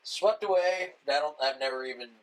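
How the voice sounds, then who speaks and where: A man co-hosting a loose movie podcast, his voice sitting a bit high and swinging widely as he rants. He swears freely and mocks plots by acting them out in sarcastic asides. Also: a little fast, rough recording. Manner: animated, swearing, mocking retellings. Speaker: podcast co-host. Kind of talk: casual podcast chat about movies.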